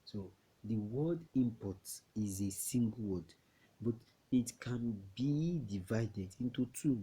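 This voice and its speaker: A man from Nigeria teaching a classroom English lesson, slow and repetitive, often checking that students understand. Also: on the low side, dark tone, husky.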